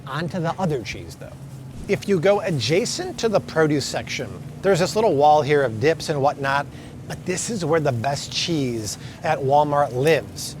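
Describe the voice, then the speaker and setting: An upbeat man walks the store aisles as he vlogs, leaning hard on each price he calls out. His voice sits a touch higher than most men's. A faint hum of the store carries underneath. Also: lively intonation, normal speed. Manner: upbeat, emphatic price comparisons. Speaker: grocery vlogger. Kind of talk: store walkthrough vlog. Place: supermarket aisles.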